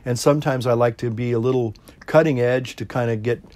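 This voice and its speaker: A middle-aged man, a priest, chatting casually to camera in a relaxed, rambling way, chuckling often and pausing to puff on his pipe. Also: medium pitch. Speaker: priest and pipe-smoking video host.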